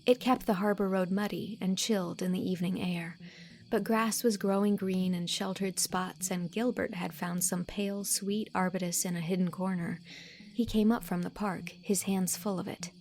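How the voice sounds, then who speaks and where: Gravelly-voiced woman narrating a novel. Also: lowish voice. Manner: expressive, measured storytelling. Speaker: audiobook narrator. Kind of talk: scripted narration.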